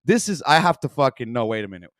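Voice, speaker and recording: A man's voice: mid-range voice, sing-song, fast talker, no echo. Foul-mouthed man ranting off the cuff. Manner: swears constantly, rants and trails off with fillers. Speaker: host reacting to a video. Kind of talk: profane rambling commentary.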